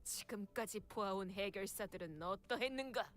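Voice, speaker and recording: A woman's voice: medium pitch, racing, soft background music, close to an everyday voice. An actress voicing a grandiose, earnest young woman knight who speaks in an archaic, formal, declamatory way, in a game dub. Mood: exhorting. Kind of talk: Korean game voice acting.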